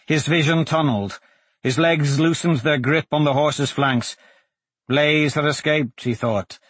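A man narrating a fantasy audiobook in a dramatic, expressive scripted style. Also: on the high side, measured pace, husky, no echo.

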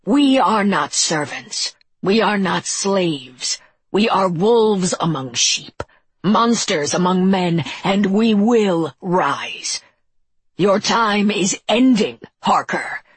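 A woman voicing a rasping defiant monster. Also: low-pitched, takes it slowly, no echo, exaggerated voice. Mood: defiant roar. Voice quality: rasping, whispery growl.

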